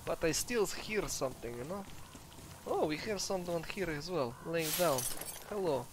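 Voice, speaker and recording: A man with a Russian accent giving chatty, excitable let's play commentary to his viewers. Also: a little high, moderate pace, noisy background. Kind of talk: gameplay commentary.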